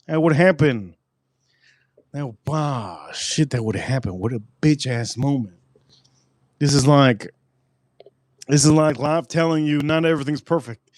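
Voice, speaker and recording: Man hosting a livestream with loose, profane jokes; a slightly high voice, dry and close. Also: a little slow, long pauses, darkish tone, dry recording. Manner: rambling, joking, profane. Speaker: livestream host. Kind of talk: casual livestream chat.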